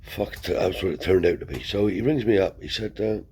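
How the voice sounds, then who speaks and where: A man's voice: low voice, lively intonation, brisk, a little mellow, a little hiss or hum. A man telling a rambling story in broad colloquial speech, swearing freely as he goes. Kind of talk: casual spoken anecdote.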